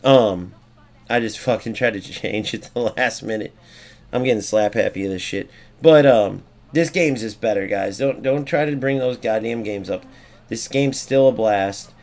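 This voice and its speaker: A man's voice: lowish voice, normal speed. A young man streaming a football video game, commenting live, swearing and ranting about glitches. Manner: excitable, swears, rants at the game. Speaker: gaming streamer.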